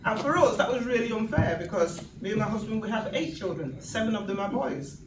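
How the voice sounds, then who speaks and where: A woman with a Northern English accent telling personal stories as a speaker at an event, animated, laughing often and acting out quoted speech. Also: mid-range voice, fairly quick. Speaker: guest speaker. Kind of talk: personal storytelling talk at an event. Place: event venue hall. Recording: echoey hall, mic from far off, noisy.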